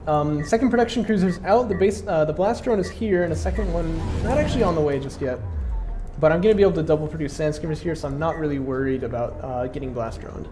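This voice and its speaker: A man's voice: on the high side, fast talker, over music. A congested man casually commentating his own strategy game match, explaining his moves with plenty of fillers.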